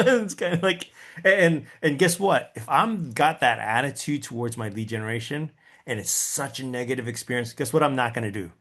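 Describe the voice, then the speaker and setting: A man speaking at an ordinary mid pitch as he teaches a sales class. He talks in a folksy, animated way, acting out his own thoughts and checking in with listeners as he goes. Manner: animated, acts out his own inner voice and quotes; folksy, addresses the audience with tag questions. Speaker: real estate sales coach. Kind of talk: lively class talk.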